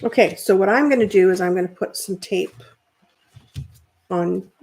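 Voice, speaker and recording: A woman hosting a sewing livestream, chatting casually with viewers as she works and thinking out loud with fillers and restarts. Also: mid-range voice, normal speed, breathy edge. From Canada.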